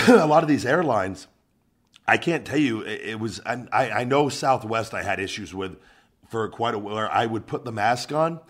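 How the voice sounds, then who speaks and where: A man with a low voice hosts a casual podcast. He talks in an animated, profane way, piling up stories with restarts. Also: moderate pace. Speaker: podcast host, former wrestler.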